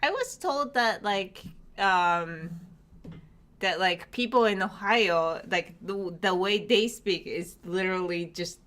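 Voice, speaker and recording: A woman's voice: medium pitch, takes it slowly, a bit bright. A woman co-hosting a live stream, chatting casually, often agreeing and saying "like". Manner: chatty, interjects with short agreements and uses like often. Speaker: co-host of a brand live stream. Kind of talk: casual chat.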